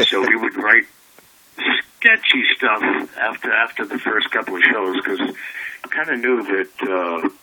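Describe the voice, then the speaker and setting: A man in his seventies spins showbiz anecdotes with lively energy, slipping into voices as he goes. His voice sits low but rings sharp and bright. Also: measured pace, poor audio. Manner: animated storyteller who acts out voices. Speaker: comedy writer and warm-up comedian. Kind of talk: casual anecdote telling.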